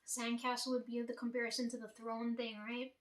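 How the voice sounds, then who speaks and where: A young woman talks casually, swearing freely and tagging "right?" onto her sentences. Her voice sits a little high and stays fairly flat in pitch. She is heard from some distance in an echoey room. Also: fairly quick. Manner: rambling, profane, many "like" and "right?". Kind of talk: casual dream retelling. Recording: echoey room, voice far from mic.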